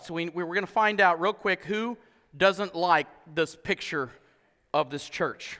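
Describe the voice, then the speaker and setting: A male pastor preaching an animated sermon, acting out voices and laughing often. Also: high voice, a little slow, in a large hall.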